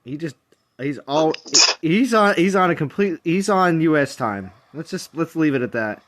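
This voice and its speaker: A man's voice: fairly high pitch, lively intonation, normal speed. A man hosting a casual game stream, chatting and teasing his friends on voice chat and talking through his game progress.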